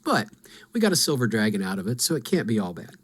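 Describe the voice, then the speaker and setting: A man's voice: on the low side, very animated, fast, husky. A man hosting a podcast, talking through game lore in a casual, musing, self-deprecating way. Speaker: podcast host.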